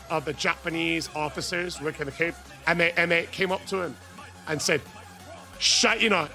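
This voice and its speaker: A man chatting on a live game stream, loud and hyped, often yelling catchphrases. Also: sits high, vocal fry. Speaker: gaming streamer. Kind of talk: live gameplay stream chat.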